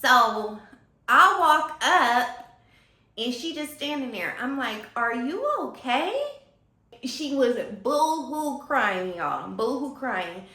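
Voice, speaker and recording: A woman telling a story in a casual vlog, animated and gossipy, talking straight to her viewers. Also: high voice, slow, roomy sound.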